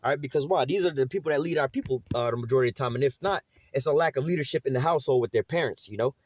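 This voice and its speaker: A man's voice: medium pitch, very fast, no room sound. A man teaching a casual Bible lesson in a conversational, emphatic way, full of fillers.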